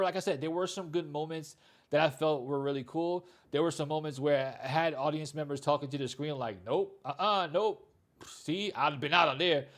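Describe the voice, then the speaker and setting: A man reviewing a movie in a loose, candid, conversational way, with plenty of "you know" and "like.". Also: on the high side. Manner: candid, blunt opinions. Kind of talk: casual spoken movie review.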